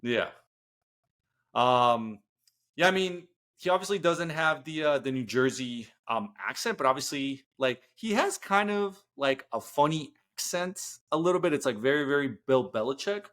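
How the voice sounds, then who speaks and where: Young male co-host, casual and animated, joking storyteller, average-pitched voice. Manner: animated, jokey storytelling with quick bits of mimicry. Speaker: podcast co-host. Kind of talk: casual sports chat.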